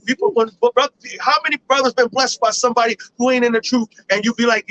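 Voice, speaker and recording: A man leads a Bible study in high-pitched, rough street slang, animated and profane. His bright, forceful voice keeps cueing the reader to continue. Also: fast talker, highs cut off, a little hiss or hum. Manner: profane, animated, playful, cues reader with "go ahead". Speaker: Bible teacher.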